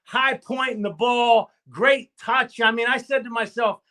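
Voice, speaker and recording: Bright, high-voiced emphatic football coach. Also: male voice, steady tone, measured pace. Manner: emphatic and repetitive, rallying with "okay?" and "I'm gonna tell you what". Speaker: football coach, interview guest. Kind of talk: animated storytelling in a live stream interview.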